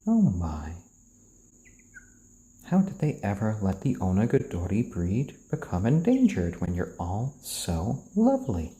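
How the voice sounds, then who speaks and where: A man hosting a casual live stream, talking in a soft, slow, soothing voice to keep his chickens calm while he reads out viewer comments. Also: lowish voice. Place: indoors, roomy. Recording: roomy echo.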